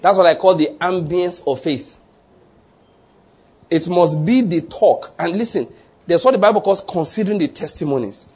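Male pastor, husky voice, slightly high pitch, slow emphatic preaching. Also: a little mellow. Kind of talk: sermon.

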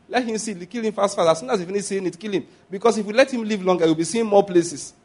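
A man's voice: sits high, quick pace, hardly any pauses, darkish tone, breathy edge. A middle-aged man preaching a sermon, drawing the congregation into call-and-response and dropping humorous asides. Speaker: pastor.

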